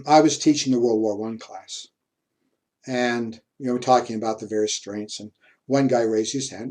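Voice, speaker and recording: A man's voice: mid-range voice, fairly even intonation, normal speed, a little mellow. A man giving a university history lecture, telling personal stories in a chatty way and chuckling often. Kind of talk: classroom lecture with anecdotes.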